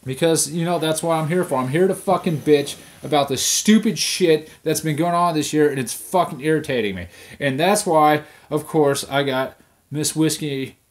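A man's voice: a little high, moderate pace. A young man venting on camera at home, swearing constantly as he rants about his week. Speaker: vlog host. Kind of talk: profane ranting monologue.

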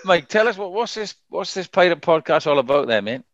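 A man with a fairly high, bright, forceful voice jumps in with short, eager questions to keep the chat moving. The sound is dry and close. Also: big pitch swings, a little fast, no room sound, lo-fi sound. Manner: eager interjections, prompting the guest. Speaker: podcast host. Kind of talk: casual chat.

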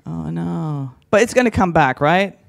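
A man's voice: fairly high pitch, lively intonation, measured pace, vocal fry. A man doing stand-up crowd work on a conference stage, brash and teasing, swearing freely as he ribs the audience. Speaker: stand-up comedian.

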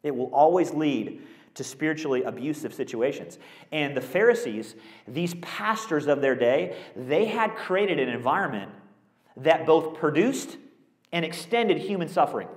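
A male pastor preaching a conversational, animated sermon with rhetorical questions. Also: a little high, normal speed. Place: school auditorium used as a church. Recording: echoey auditorium.

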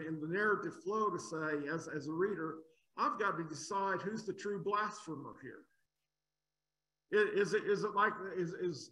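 Guy preaching a sermon, highish voice, keeps asking rhetorical questions, repeats himself. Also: sharp tone, low-quality recording. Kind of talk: expository sermon.

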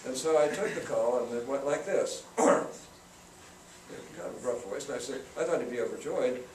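An older man spins folksy stories for a student crowd, his voice carrying from a distance across a roomy hall. Steady noise hums behind him. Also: mid-range voice, moderate pace. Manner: folksy anecdotal, acts out quotes. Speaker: guest speaker, senator. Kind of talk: storytelling talk to students. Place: campus event room. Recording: roomy, from far off, noisy.

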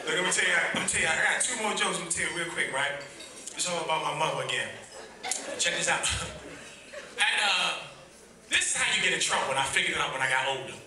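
Animated man doing stand-up in an echoey hall. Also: a little high, quick pace, long pauses. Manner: animated, acts out characters in exaggerated voices, talks to the crowd. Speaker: stand-up comedian. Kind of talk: stand-up comedy set. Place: large event hall with a live audience. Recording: echoey hall, distant mic, loud crowd laughter and noise. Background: audience laughter.

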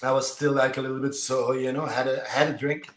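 A man, a martial arts instructor, chatting as a podcast guest. He tells stories animatedly in quick fragments, with many "you know"s. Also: medium pitch, little pitch movement. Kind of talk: casual interview storytelling. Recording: roomy echo.

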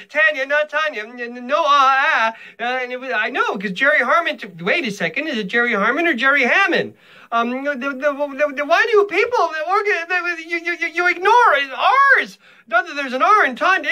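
A man's voice: extremely high pitch, expressive, fairly quick, pushed and bright. An older man recording a rambling comic video greeting, stammering and interrupting himself with absurd asides.

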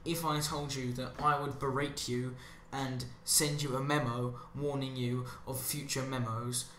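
A man's voice: mid-range voice, fairly bright tone, a little hiss or hum. Guy rambling sarcastically over gameplay, goes off on tangents, echoey room. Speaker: commentary channel host. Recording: roomy echo with faint ambience.

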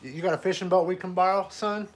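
A man's voice: high-pitched, steady tone, fast talker, natural voice. A man putting on a rambling old trailer-park fisherman. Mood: folksy. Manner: drawling, calls everyone son, tells tall tales. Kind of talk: prank phone call.

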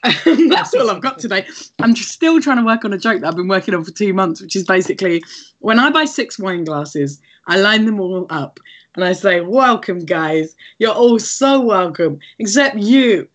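A woman's voice: medium pitch, animated, fairly quick, fairly bright tone. A woman hosting an online comedy show, chatting casually and giggling, with some swearing. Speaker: comedy club host. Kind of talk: casual comedy chat on a video stream.

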